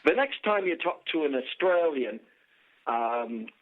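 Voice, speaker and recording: A man calls into a political talk radio show over a tinny, narrow phone line, with a voice a touch on the high side. He talks emphatically and sarcastically and reaches for formal words, and the sound is dry and close. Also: big pitch swings, unhurried, no echo.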